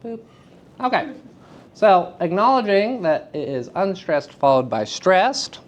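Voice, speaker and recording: A man teaching a classroom workshop in an unhurried, chatty way, poking fun at himself and quizzing the students as he goes. His voice sits a little high for a man. The recording is dull and lo-fi. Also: big pitch swings. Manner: chatty, self-deprecating, asks the students questions. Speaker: drama teacher giving a workshop. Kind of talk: live classroom lecture. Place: school room with students.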